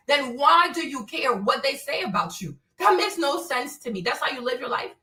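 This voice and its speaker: A woman's voice: high-pitched, animated, a little fast, few pauses, pushed and bright. A woman from Africa hosting a livestream, ranting bluntly and profanely with many rhetorical questions. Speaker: show host. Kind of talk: opinionated livestream rant. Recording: echoey room, mic at a distance.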